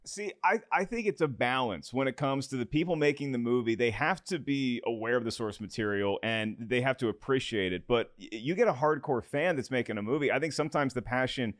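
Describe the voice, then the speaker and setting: An upbeat, enthusiastic man hosting a podcast, at a middle pitch. His voice is close and dry, with no room sound, as he chats and reads promos. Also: animated, brisk, hardly any pauses, no echo. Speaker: podcast host. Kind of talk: podcast talk and promo reading.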